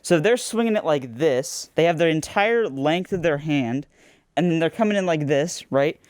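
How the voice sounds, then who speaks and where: A man's voice: on the high side, expressive, moderate pace, smooth, no room sound, clean studio sound. A young man co-hosting a podcast, arguing insistently in a heated casual debate. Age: young adult. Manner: insistent, argumentative, restarts often. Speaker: podcast co-host.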